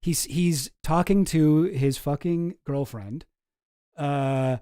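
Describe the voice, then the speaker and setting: This streamer talks in a dark, mellow tone over a dry, close sound. The chat is loose and excitable, with frequent laughter and casual swearing. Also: medium pitch, slow, no echo. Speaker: streamer reacting to a clip.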